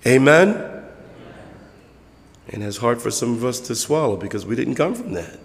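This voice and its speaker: A man preaching a conversational sermon as pastor, acting out church members in quick voices. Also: mid-range voice, sing-song, vocal fry, long reverb tail.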